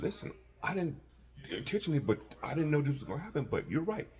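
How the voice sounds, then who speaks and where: A man casually telling a personal story, animated and acting out the voices of people he quotes. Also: medium pitch, quick pace.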